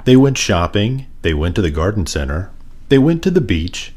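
Male storyteller, low voice that swings widely, sing-song picture book reading. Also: big pitch swings, moderate pace, darkish tone. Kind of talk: children's picture book read-aloud.

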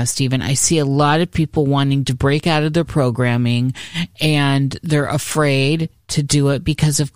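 A woman's voice: deep voice, no room sound, studio quality. A woman hosting a podcast conversation, reflecting on the guest's ideas. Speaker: host. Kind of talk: casual conversation.

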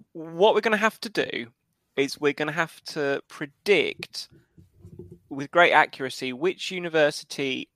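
A man with a bright, clear voice that leaps up and down as he talks. He chats casually on a podcast and rambles through long, joking plans. His voice sounds dry and close, with no room echo. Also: medium pitch. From United Kingdom. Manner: rambling, spins elaborate joking schemes. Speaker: podcast co-host. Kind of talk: casual comedic chat.

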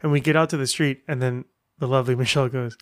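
A man's voice: mid-range voice, steady tone, quick pace, a bit bright, no echo, clean studio sound. A middle-aged man hosting a casual solo podcast, telling stories in a chatty way full of rambling asides. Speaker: podcast host.

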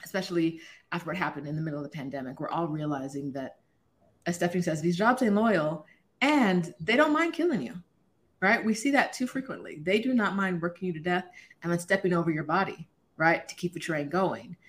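A woman around forty, a podcast guest, telling a personal story in a casual, animated way and laughing often. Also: fairly low pitch, fairly quick. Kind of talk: casual conversation.

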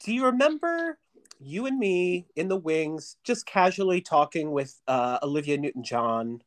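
A man's voice: on the high side, big pitch swings, normal speed. A man hosting a casual interview podcast, chatting and reminiscing with a guest, with a lot of fillers and restarts. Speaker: podcast host.

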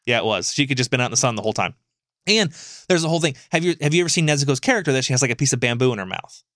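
Rambling, animated podcast co-host man. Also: medium pitch, racing, no echo, studio quality. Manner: animated, rambling storytelling with frequent fillers and swearing. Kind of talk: casual podcast chat.

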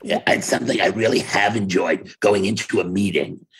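A man's voice: deep voice, moderate pace, fairly bright tone, slight background noise, rough recording. An older man with a New York accent, telling wry, rambling stories in casual conversation over a video call from his home office. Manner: rambling, self-interrupting, wry. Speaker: interview guest, playwright and actor. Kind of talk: casual storytelling.

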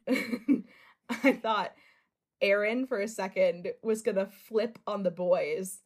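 A woman's voice: mid-range voice, takes it slowly. A woman co-hosting a podcast, chatting casually and giggling as she recaps a reality show and acts out quotes in voices. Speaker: podcast co-host.

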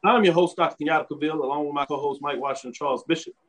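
A man with a slightly raised pitch hosts a sports talk radio show and podcast. He talks in an upbeat, chatty way with quick asides. His voice is recorded on a home studio mic. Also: fairly bright tone, slightly rough, low-quality recording. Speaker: host.

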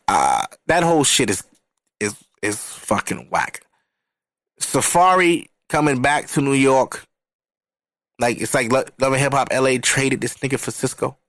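A man on a comedy podcast, ranting crudely and rambling about reality TV, often jumping into excited outbursts. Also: medium pitch, unhurried, pauses often, no room sound. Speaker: podcast co-host or guest. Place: podcast recording setup.

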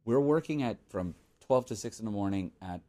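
Low-voiced animated male storyteller. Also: brisk. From Miami, United States. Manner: animated, acts out quotes with sudden jumps in pitch. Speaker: guest composer. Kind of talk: casual podcast storytelling.

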